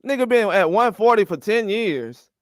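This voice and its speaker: A man's voice: sits high, expressive, moderate pace, dry recording, studio quality. A man ranting about boxing with heated, profane speech and repeated rhetorical questions. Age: older. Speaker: boxing commentary host. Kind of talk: heated opinion rant.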